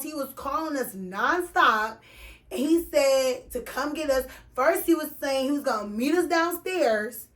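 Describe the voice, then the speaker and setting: A woman with a Texas accent telling a story casually, full of slang and swearing, acting out the other people's lines. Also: sits high. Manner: animated, profane, slangy, acts out quoted voices.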